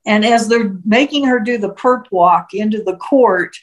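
A woman's voice: mid-range voice, unhurried, poor audio. A woman casually telling a story, retelling events vividly and briefly slipping into the voices of the people she quotes. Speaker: storyteller recounting a case.

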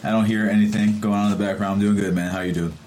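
A man's voice: lowish voice, flat delivery, rapid-fire, darkish tone, a little hiss or hum. A man co-hosting a casual podcast, laid-back with dry teasing. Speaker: podcast co-host.

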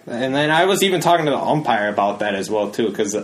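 A man's voice: medium pitch, expressive, moderate pace. Rambling young man, casual podcast host. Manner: rambling, lots of fillers, acts out quotes. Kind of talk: casual chat.

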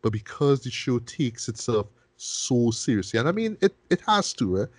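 A man with a mid-range voice hosts a film review podcast, chatting casually at a moderate pace with no room sound. He's animated and profane, often tacking on "right?" and restarting words.

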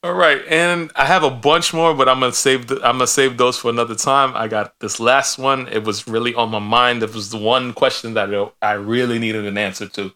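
A man's voice: mid-range voice, steady tone, a little fast, few pauses, pushed and bright. A man co-hosting a podcast in casual chat, teasing his co-host and laughing often.

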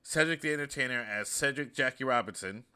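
A man in his thirties hosts a casual monologue, rambling through stories with animated asides. His voice is bright and sits at an ordinary pitch. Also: a little fast, smooth. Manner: chatty, storytelling, animated asides. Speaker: host.

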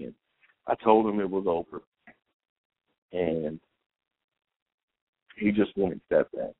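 A man's voice: sits low, huge pitch swings, a little slow, creaky, long pauses, dry recording. A man hosting a podcast, telling a long personal story in a rambling, anecdotal way and quoting both sides of the conversation. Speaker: podcast host. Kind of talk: storytelling monologue. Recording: tinny phone-like dry recording.

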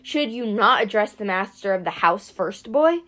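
A woman's voice: mid-range voice, expressive, moderate pace, fairly bright tone, close to an everyday voice. A woman voicing a menacing, grumbling king of the gods. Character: stern proud male sky king god.

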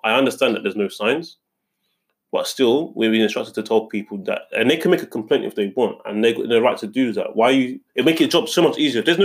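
Fast-talking young man telling an indignant story. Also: mid-range voice, slightly rough. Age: young adult. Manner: rambling, indignant storytelling with many restarts. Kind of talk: casual chat.

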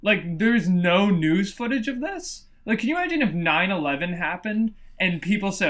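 Male podcast co-host, high-pitched, ranting and profane, casual review chat. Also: big pitch swings, moderate pace, hardly any pauses, a bit bright. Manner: ranting, swears often.

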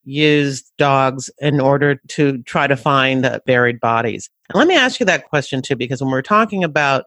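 A man's voice: mid-range voice, animated, normal speed, few pauses, a bit bright, dry recording. A man hosting a podcast, asking long, chatty questions and repeating words as he builds them. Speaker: podcast host. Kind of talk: interview questions.

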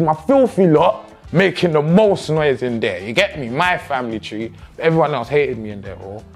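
A man, telling the story of his own boxing match in a slangy, animated, self-mocking way. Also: high voice. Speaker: boxer reviewing his own fight. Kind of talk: casual storytelling commentary.

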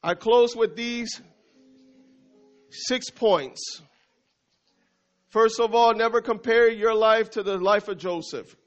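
A man's voice: high voice, slow pace, pauses often, faint music behind. A male pastor preaching a sermon, emphatic and repetitive, calling out to the congregation. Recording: dull lo-fi recording.

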